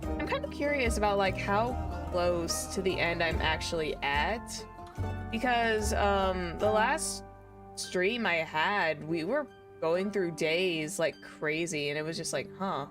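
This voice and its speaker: A woman's voice: fairly low pitch, takes it slowly, music in the background. A young woman VTuber chatting casually on a gaming stream, rambling with many fillers. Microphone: desk streaming mic.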